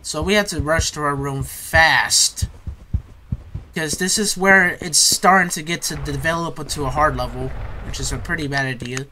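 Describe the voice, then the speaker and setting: A man's voice: a little high, moderate pace, pushed and bright, a little hiss or hum, rough recording. A man giving let's play commentary, jittery, repeating phrases and calling his viewers bro. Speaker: gamer.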